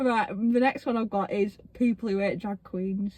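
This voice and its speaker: A young woman, chatting casually as a podcast co-host, giggly and animated, swearing freely. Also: medium pitch, moderate pace, very noisy. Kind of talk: casual chat.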